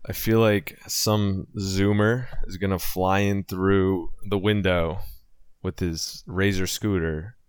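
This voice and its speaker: A man's voice: low voice, little pitch movement, slow, clear, resonant tone, dry recording. A young man co-hosting a podcast, laid-back, tossing out dry quips and chuckling. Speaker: podcast co-host. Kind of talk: casual joking chat.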